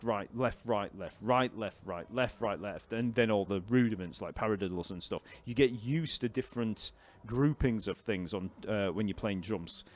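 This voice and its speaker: A man teaching a live online bass lesson, explaining technique in a relaxed way, counting beats aloud and answering questions from the chat.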